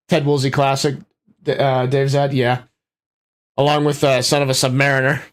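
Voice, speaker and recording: A man's voice: mid-range voice, flat delivery, moderate pace, long pauses. A man streaming a game, talking through it in a rambling, casual way. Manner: rambling, chuckling asides. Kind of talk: gameplay commentary.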